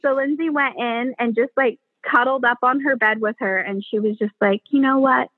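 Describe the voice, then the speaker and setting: In a casual interview, a woman who works as a midwife recounts birth stories, animatedly voicing the people she quotes and leaning on many fillers. Her voice is a little high and she talks at a normal speed. The recording is dry with a tinny, phone-like quality.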